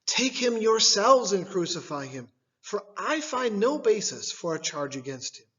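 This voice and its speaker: A man reading the part of a stern, weary Roman governor in a church scripture reading, his delivery measured and questioning. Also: sits high, very animated, pushed and bright, in a large hall, highs cut off, voice pushed up, exaggerated voice. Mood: insistent.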